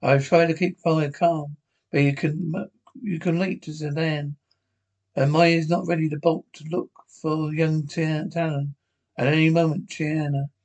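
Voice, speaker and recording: Man reading alien ship pilot, patient, put-upon, plain delivery, slightly high voice. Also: little pitch movement, a little slow, a little mellow. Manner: plain reading, few restarts. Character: many-armed alien ship pilot, patient male creature.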